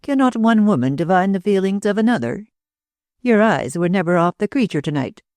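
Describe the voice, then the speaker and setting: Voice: medium pitch, very animated, brisk, a little mellow, no room sound, clean studio sound, voice pushed up, natural voice. A narrator voicing a stern, domineering middle-aged aunt who speaks sharply and with scorn. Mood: sneering.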